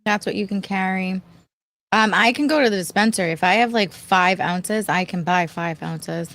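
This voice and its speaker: A woman's voice: medium pitch, normal speed, a bit bright. Playful woman hosting a casual chat. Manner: teasing and playful. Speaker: host.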